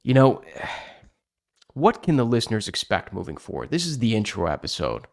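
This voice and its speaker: Joking man co-hosting a podcast, low voice. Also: wildly swooping pitch, normal speed, dry recording, studio quality. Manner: joking, repeats words as he starts sentences. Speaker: podcast co-host. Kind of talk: casual podcast chat.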